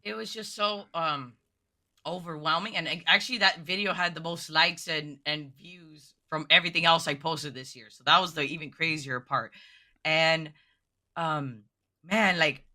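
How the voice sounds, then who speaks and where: Excitable woman with a very bright voice. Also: low-pitched, normal speed. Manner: excitable, emotional, heavy "like" fillers. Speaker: guest miniature painter. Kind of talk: casual podcast chat.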